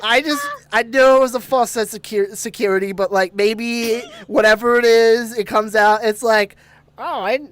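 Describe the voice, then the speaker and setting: A man's voice: very high-pitched, steady tone, moderate pace, few pauses, fairly bright tone, smooth. A man telling a ghost story on a podcast, laughing often and swearing freely. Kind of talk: casual storytelling.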